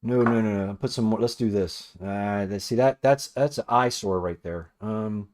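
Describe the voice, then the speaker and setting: A man's voice: fairly low pitch, moderate pace, darkish tone. A man casually talking while painting a toy in a cluttered workroom, rambling, swearing often and criticizing his own work. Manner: rambling, profane, self-critical muttering. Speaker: toy customizer.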